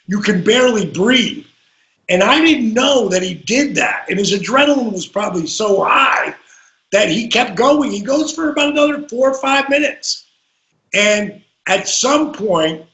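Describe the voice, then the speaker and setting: A man with a high voice tells wrestling-road stories as a podcast guest, acting out every quote. He drops to a hush, then bursts out loud. The room around him rings with echo. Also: creaky. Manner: acts out quotes, swings between hushed and shouted. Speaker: guest, former pro wrestler. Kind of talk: animated storytelling in a podcast. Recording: roomy echo.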